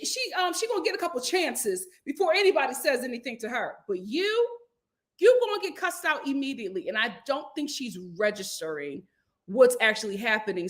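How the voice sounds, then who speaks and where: A woman hosting her own channel, reviewing reality TV in a casual, slangy, expressive chat that jumps high for emphasis. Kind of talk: casual vlog commentary.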